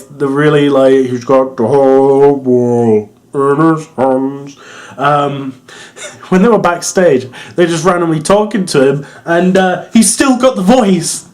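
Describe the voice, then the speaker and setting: A young English man with an English accent giving a rambling, casual wrestling review, laughing often and swearing freely. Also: on the high side. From England.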